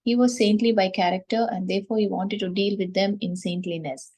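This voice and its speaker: A woman reading a scripture commentary aloud to a class in a steady, careful way. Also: mid-range voice, fairly quick, slightly rough, rough recording.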